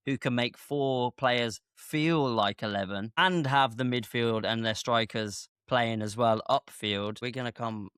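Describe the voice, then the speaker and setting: Male podcast co-host, resonant smooth voice, measured and reasoning, dry close mic. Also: mid-range voice, a bit bright, no room sound. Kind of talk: casual football chat.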